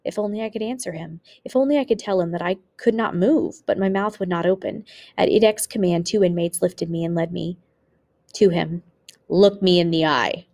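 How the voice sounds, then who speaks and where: A woman teacher reads a memoir aloud for her students in a low voice with a gravelly edge. Her reading is expressive, lifting on exclamations and dropping quiet on grim moments. The delivery is steady and clear. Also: brisk.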